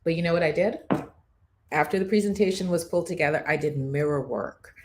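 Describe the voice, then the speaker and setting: Woman, motivational host, emphatic preacher-like delivery, lowish pitch. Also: a little fast. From Jamaica. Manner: emphatic, preacher-like, scripture-quoting. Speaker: morning show host. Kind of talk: motivational talk.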